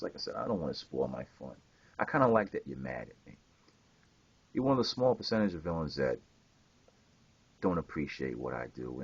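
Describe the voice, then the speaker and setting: Confronting a rival head-on, a young online gamer unleashes an angry, foul-mouthed rant to camera. The low-pitched, husky voice has no room sound, and the home recording is dull and lo-fi.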